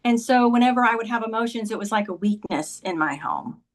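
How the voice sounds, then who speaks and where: A woman's voice: fairly high pitch, fairly quick. A woman talking as a podcast guest, telling a personal story in a conversational way and often saying "like" and "he goes".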